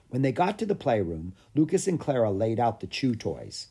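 A man reads a children's chapter book aloud in a lively storytelling manner. His voice is husky and swings widely in pitch, while its overall pitch sits in the middle. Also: normal speed, few pauses. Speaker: audiobook reader. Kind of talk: scripted narration of a children's book.

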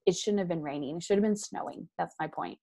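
A woman with a low, gravelly voice tells her own story frankly and with animation, acting out the voices she quotes and tossing in quick asides. She's a guest and an author living in Ontario, Canada, sharing candid personal stories in conversation.

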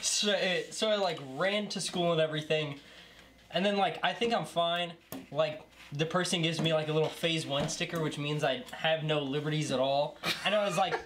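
Young man, high voice, deadpan, faint noise behind. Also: normal speed. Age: young adult. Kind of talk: casual chat.

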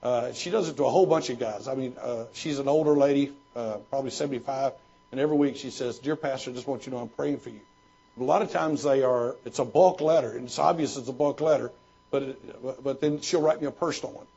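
Answering questions in a folksy, story-filled manner, this former missionary turned pastor often restarts his sentences. He speaks fast in a mellow, medium-pitched voice, and the recording is dull and lo-fi.

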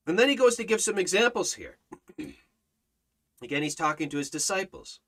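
In a livestreamed Bible study sermon, a man preaches emphatically in a bright, forceful, sing-song voice that sits a bit high for a man. He drives points home with repetition and rhetorical questions, slowing down to read scripture aloud in old-fashioned King James wording.

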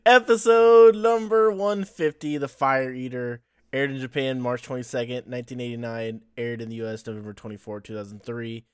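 A man's voice: mid-range voice, fairly even intonation, normal speed, hardly any pauses, clear, resonant tone, no echo, studio quality. Laughing man recapping episodes. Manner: laughing often, playful storytelling. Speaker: podcast host.

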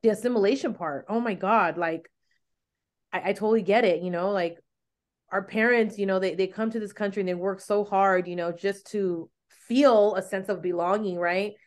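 Raised in the United States with Spanish as her first language, a woman hosts a podcast in a casual chat full of likes and you-knows. Her medium-pitched voice stays steady at a moderate pace.

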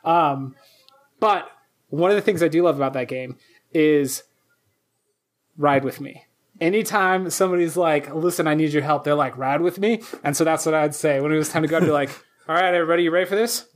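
A man's voice: a little high, steady tone, normal speed, long pauses. A man co-hosting a casual podcast chat, talking animatedly and acting out the lines he quotes. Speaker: podcast co-host.

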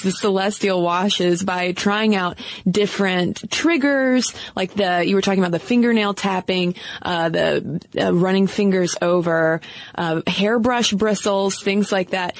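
A woman's voice: medium pitch, no room sound. A woman co-hosting a podcast in a casual, chatty way, with frequent fillers and laughs. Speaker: podcast co-host.

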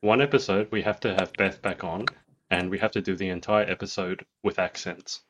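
A man's voice: sits low, steady tone, a little fast, a bit bright, highs cut off, slight background noise. Chatty man with faint clicks behind. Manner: chatty, jokey, rambling with restarts. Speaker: podcast co-host. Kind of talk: casual chat.

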